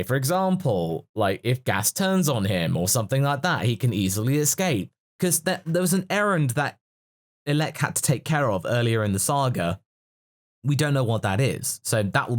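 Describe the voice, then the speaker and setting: Lively, analytical male podcast host. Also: medium pitch. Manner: analytical, musing, chatty. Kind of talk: casual podcast discussion.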